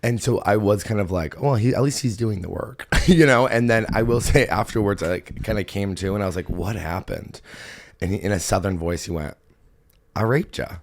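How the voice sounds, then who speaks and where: A young adult man hosting a casual comedy podcast, telling stories in an animated way and laughing often. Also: fairly low pitch, brisk, few pauses. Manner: animated storytelling with frequent laughs. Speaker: podcast host.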